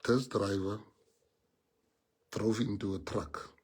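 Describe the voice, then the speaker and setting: A man's voice: lowish voice, fairly even intonation, slow, a little mellow, husky. A man with a South African accent, a party leader giving a heartfelt speech to his members, earnest and repeating key phrases for emphasis.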